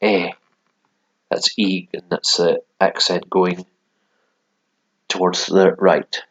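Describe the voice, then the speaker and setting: A man explains a lesson at an unhurried pace and keeps stopping for ums and restarts. His voice sits low and deep, and he talks casually into a desk mic. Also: flat delivery, vocal fry, breathy edge, muffled recording. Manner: hesitant, many ums and restarts. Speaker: language learner.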